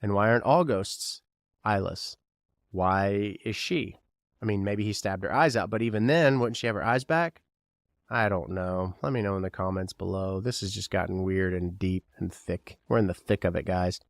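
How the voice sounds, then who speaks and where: In clean studio sound without echo, a Kentucky podcast host speaks at normal speed in a low voice with vocal fry. Running the show solo, he casually rambles, jokes, and throws questions at the listener.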